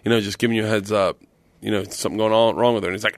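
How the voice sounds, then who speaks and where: A middle-aged man, a guest comedian, telling stories on a podcast in a casual, animated way, laughing often and acting out what others said. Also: medium pitch, rapid-fire, dry recording. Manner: animated, laughs often, acts out quoted voices.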